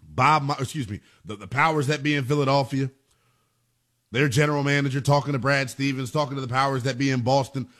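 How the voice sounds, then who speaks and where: Male sports talk host, bright forceful tone, animated emphatic delivery. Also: medium pitch, a little fast. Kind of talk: sports talk radio monologue.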